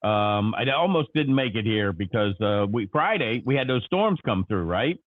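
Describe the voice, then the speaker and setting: A man's voice: on the low side, lively intonation, normal speed, no room sound. A man hosting a live local morning show, telling a rambling story in casual chat with many fillers and restarts. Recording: dry, phone-like narrow sound.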